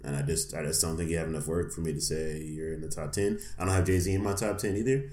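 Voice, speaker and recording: A man co-hosting a casual podcast chat, relaxed and opinionated. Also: rumbling low, fast, roomy sound. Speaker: podcast co-host.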